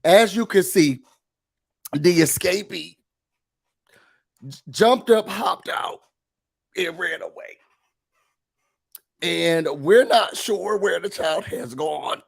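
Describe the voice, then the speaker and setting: Slow, deadpan man with a lilt. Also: high voice, gravelly. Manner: deadpan, faux-serious, with mock-emotional breaks. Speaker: host of a mock office meeting. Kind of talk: comedic mock corporate briefing.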